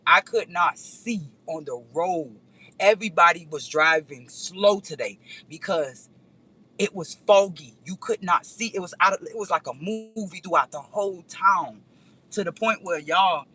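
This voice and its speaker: A woman's voice: on the low side, unhurried, poor audio. A woman vlogger telling a rambling story in a casual chat, speaking straight to her viewers. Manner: animated, rambling, addresses viewers directly.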